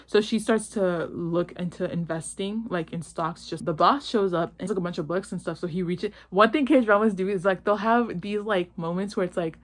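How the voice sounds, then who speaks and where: A woman's voice: on the low side, normal speed, few pauses. Slangy young woman gushing about a drama. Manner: animated, slangy, with many "like"s, acting out characters' lines. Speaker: host. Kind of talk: casual chat retelling a drama plot.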